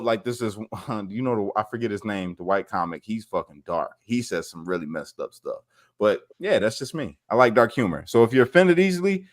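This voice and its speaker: A man co-hosting a podcast, telling stories in a loose, profane way and laughing as he retells funny clips. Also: on the low side. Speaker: podcast co-host. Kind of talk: casual chat, storytelling.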